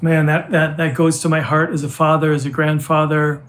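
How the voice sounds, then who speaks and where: An older man, a pastor and grandfather, preaching a heartfelt sermon with earnest, halting restarts. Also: on the high side, level tone, fairly bright tone, a little hiss or hum.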